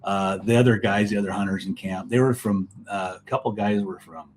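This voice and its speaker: A man's voice: lowish voice, fairly even intonation, fairly quick, slight background noise. A man guest on a hunting podcast, telling rambling anecdotes in casual conversation over a remote call. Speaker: guest, elk hunting expert.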